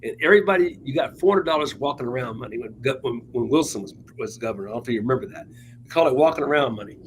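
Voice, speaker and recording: A man's voice: mid-range voice, expressive, racing, slight background noise, low-quality recording. A man co-hosting a political talk show, telling anecdotes in a chatty, wry way. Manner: chatty, wry, laughs at his own points. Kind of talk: casual political chat, anecdotal storytelling.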